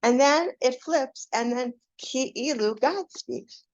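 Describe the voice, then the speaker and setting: A woman's voice: a little high, animated, a little slow. A woman giving a casual class, talking in a chatty way with many fillers and restarts. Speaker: Torah teacher. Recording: dull lo-fi classroom recording.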